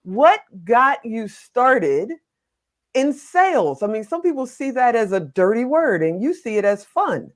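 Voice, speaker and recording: A woman's voice: fairly high pitch, big pitch swings, a little slow. A woman hosting a podcast, chatting casually with a playful, teasing manner and cutting in with questions. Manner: playful, teasing, jumps in to interrupt. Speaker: podcast host. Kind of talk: casual interview chat.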